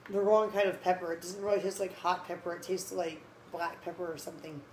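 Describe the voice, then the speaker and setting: A woman's voice: lowish voice, little pitch movement, a little fast, a little mellow, a little hiss or hum, low-quality recording. A tired woman doing a casual food-tasting vlog at home, blunt and candid, talking with her mouth full into a phone camera. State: tired late at night. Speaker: food vlogger. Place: home, indoors.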